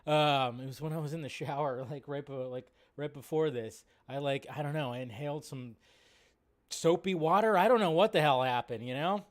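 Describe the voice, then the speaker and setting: A man's voice: on the high side, moderate pace. A man hosting a live film news stream, talking in a loose, rambling, casual way with lots of fillers.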